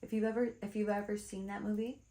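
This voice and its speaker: A woman's voice: mid-range voice, little pitch movement, fast, mellow. A woman spiritual teacher giving a chatty, blunt card reading to her viewers, calling them darlings. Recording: echoey room.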